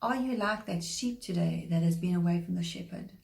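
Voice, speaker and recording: A woman giving a short devotional sermon, earnest and measured, slowing down to stress scripture. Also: fairly low pitch, vocal fry, darkish tone. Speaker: preacher. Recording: echoey room.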